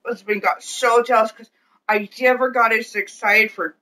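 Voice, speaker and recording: A woman co-hosting a casual chat, playful and excitable, teasing her husband. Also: a little high, normal speed, recorded from a distance, a little hiss or hum. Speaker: co-host.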